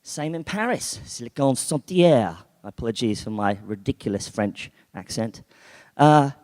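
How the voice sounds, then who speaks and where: A man's voice: a little high, a little mellow. A man giving a chatty conference keynote, full of fillers and restarts. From United Kingdom. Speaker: conference speaker. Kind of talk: keynote talk. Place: conference hall. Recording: long hall reverb.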